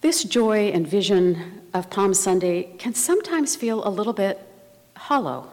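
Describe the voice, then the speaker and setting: A woman preaching a sermon in a measured, reflective way. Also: mid-range voice, animated, darkish tone. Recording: long reverb of a large hall.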